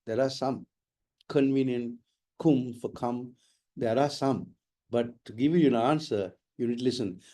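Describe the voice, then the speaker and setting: A man's voice: mid-range voice, normal speed, warm tone. A man, teaching in a webinar and answering questions with emphatic, explanatory talk that repeats key words. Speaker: IELTS trainer. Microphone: online webinar mic.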